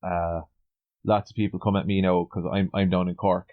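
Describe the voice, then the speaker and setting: A man's voice: low-pitched, flat delivery, normal speed, no room sound, phone-quality sound. An Irish man from Ireland, a podcast guest chatting casually in a blunt, sweary way. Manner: blunt and sweary, laughing easily. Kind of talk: casual chat.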